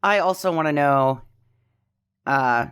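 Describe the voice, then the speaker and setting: A woman's voice: deep voice, slow pace, fairly bright tone, smooth. A woman chatting casually about a film, offhand and teasing. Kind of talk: casual movie review chat.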